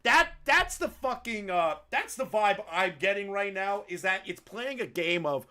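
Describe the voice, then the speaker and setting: A man's voice: high-pitched, animated, unhurried, pushed and bright. A man giving sarcastic, swearing commentary on a played call recording, often laughing. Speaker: commentary youtuber.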